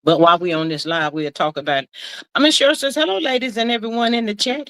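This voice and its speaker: A woman's voice: mid-range voice, quick pace, poor audio. Folksy woman hosting a livestream chat. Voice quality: folksy and animated, talks straight to the chat. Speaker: livestream host reading chat. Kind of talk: casual live chat commentary.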